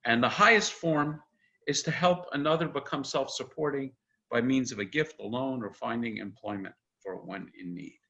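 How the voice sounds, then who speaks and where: An older man, a rabbi, giving a chatty, animated informal lecture, quoting texts with frequent "uh"s. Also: medium pitch, moderate pace, vocal fry. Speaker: rabbi teaching an intro class. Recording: dull lo-fi video-call audio.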